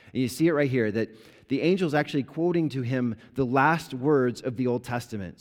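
Conversational preacher in a reverberant hall. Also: male voice, mid-range voice. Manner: conversational preaching with vivid retellings. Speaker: pastor. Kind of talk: sermon. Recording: long reverb of a large hall.

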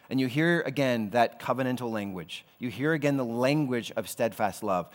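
A pastor delivers a sermon in an easygoing, conversational tone, mixing slang asides into his teaching. His voice sits at a middling pitch. It rings out with a long reverb, like a large church sanctuary. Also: lively intonation, moderate pace, hardly any pauses.

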